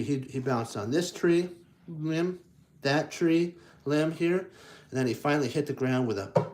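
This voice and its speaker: Slow, halting man reading kids' books. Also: mid-range voice, a little mellow. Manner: halting, with frequent restarts and self-corrections; enthusiastic, playing up sound effects. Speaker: storyteller reading children's books aloud. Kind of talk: casual read-aloud with commentary.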